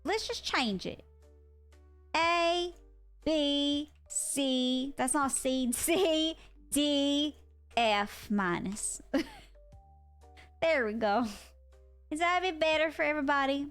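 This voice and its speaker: A young woman streaming live and chatting casually, excitable and quick to swear. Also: high-pitched. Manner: excitable, swears freely, loud outbursts. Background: faint music.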